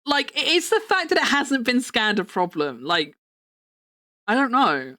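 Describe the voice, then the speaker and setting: A young woman rambles casually to her stream chat. Her fairly high voice swings lively up and down as she talks. She laughs often between her thoughts. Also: a little slow.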